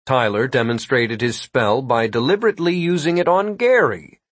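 A man narrating a comic fantasy audiobook in a steady, wry storytelling manner. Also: medium pitch, moderate pace, no echo.

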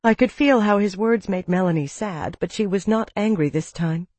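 A woman narrating a novel in a measured, even storytelling manner, close to the mic. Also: mid-range voice, dry recording. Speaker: audiobook narrator. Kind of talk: scripted narration.

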